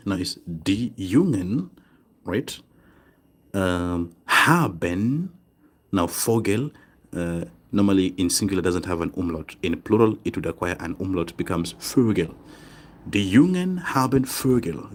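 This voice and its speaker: A man teaching a German grammar lesson online, speaking deliberately, repeating phrases and checking in with "okay?" and "right?". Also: low voice. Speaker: German tutor.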